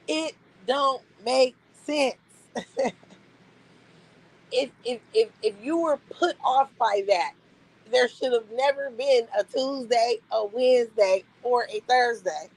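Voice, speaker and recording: A woman's voice: on the high side, slow pace, pauses often, rough recording. A young adult woman streaming live, venting bluntly and incredulously to her chat, repeating her points for emphasis.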